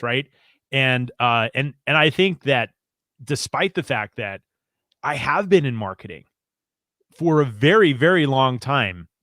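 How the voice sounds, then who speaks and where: A man's voice: mid-range voice, a bit bright, no room sound. Enthusiastic male podcast co-host, dry sound. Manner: enthusiastic, emphatic, many restarts. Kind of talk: casual podcast chat.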